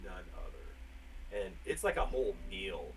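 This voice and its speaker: A man narrating as game master of a tabletop game, lively and full of fillers. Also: sits low, measured pace. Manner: lively, lots of fillers and restarts. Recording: distant mic with faint music.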